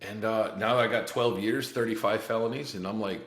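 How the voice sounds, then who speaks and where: A man's voice: fairly low pitch, fairly even intonation, moderate pace, a little hiss or hum. A man in his forties telling his life story as a podcast guest, blunt and profane, with many restarts and short laughs. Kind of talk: candid life-story interview. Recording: roomy echo.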